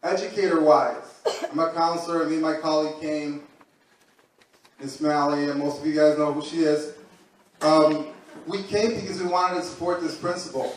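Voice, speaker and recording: A man's voice: fairly high pitch, steady tone, normal speed, slight background noise. A man, a school counselor, giving an earnest, supportive public comment at a school meeting. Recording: very echoey room, distant mic.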